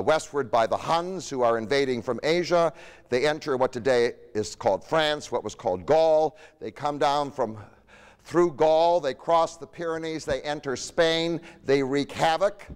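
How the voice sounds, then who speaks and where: A man's voice: mid-range voice, smooth. Man lecturing on history in a reverberant hall. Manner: conversational, asks rhetorical questions.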